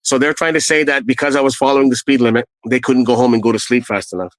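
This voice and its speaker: Animated storytelling man, dry close sound. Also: fast, dry recording, poor audio. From Canada. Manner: re-enacts quoted people with raised pitch, blunt and profane. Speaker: guest telling his story.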